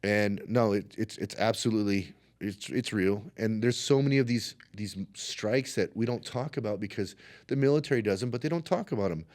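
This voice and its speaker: A man's voice: on the low side, normal speed. A man, a martial arts instructor, telling stories in a casual interview and acting out the voices of the people in them. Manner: animated, acts out quotes in his stories.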